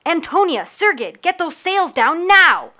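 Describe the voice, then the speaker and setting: A woman playing a shouting ship captain. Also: fairly high pitch, expressive, quick pace. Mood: commanding. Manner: barking orders over a storm. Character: bold, fierce female ship captain.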